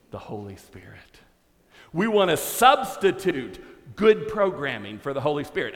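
A man preaching a sermon from a church stage, telling stories dramatically and shifting from quiet to loud. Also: high voice. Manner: dramatic storytelling, swinging from hushed to shouted. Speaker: pastor. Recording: long hall reverb.

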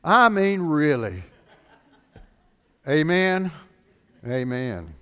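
A man preaching a sermon as pastor, animated, swinging between loud declarations and hushed lines. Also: a little high, very slow, clean tone, long reverb tail.

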